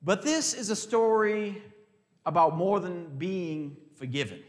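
A man with a high-pitched voice preaches, pressing hard on key words and then dropping to near-whispers that stretch out slowly. He leads the congregation in call-and-response. The sound carries a long reverb from a large hall. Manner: animated, swings between loud emphasis and hushed, drawn-out phrases. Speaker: pastor. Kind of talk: sermon.

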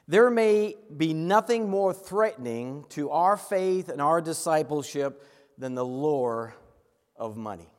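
A pastor from Massachusetts preaching a sermon to his congregation, earnest and quick, slowing down to stress key words. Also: on the high side, animated, long reverb tail. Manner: earnest, with quick asides and slow emphatic stresses.

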